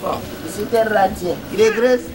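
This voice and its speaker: An actor with a Nigerian Pidgin English accent playing a brash talkative young man who is loud, excitable and quick to grovel, in a film. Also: sits high, natural voice. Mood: rowdy. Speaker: character in a film. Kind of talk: film acting. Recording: noisy film location sound.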